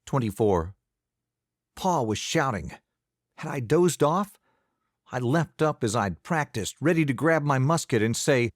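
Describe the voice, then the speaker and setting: A man narrating an audiobook in the first person, measured and expressive. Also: mid-range voice, no echo, clean studio sound.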